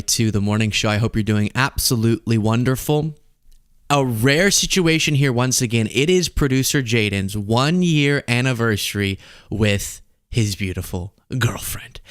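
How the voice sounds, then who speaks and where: Male host with a Texan accent, mid-pitched voice, dry close mic, sarcastic and animated commentary. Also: clean tone, no room sound. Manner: sarcastic, animated, laughs at his own points. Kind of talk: casual political commentary.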